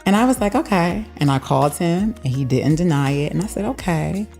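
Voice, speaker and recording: Woman, very low voice, candid podcast guest, repeats herself for emphasis, light music behind. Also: expressive, fairly quick, creaky, a little mellow. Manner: emphatic, repeats phrases, many fillers. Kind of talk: candid conversational storytelling.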